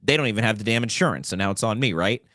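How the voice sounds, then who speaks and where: Male talk show host, lively pitch, rambling, dry close sound. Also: rapid-fire, no room sound. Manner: animated, rambling, full of fillers and asides. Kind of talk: political commentary talk show.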